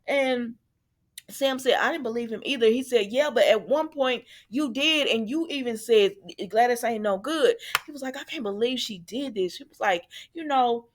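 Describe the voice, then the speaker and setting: A woman's voice: a little high, moderate pace. A woman casually recapping a soap opera episode, chatty and sassy, talking back to the characters.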